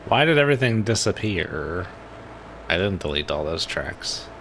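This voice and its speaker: A man's voice: low voice, very animated, moderate pace, a bit bright, a little hiss or hum. A man streaming a naval game, musing aloud in casual commentary. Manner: laid-back, musing aloud.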